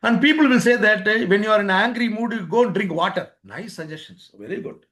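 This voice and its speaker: A man's voice: sits high, expressive, quick pace, fairly bright tone. A man giving a webinar lecture, repeating points and acting out everyday exchanges. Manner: repetitive, acts out both sides of everyday exchanges. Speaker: webinar speaker on life skills. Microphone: remote webinar microphone.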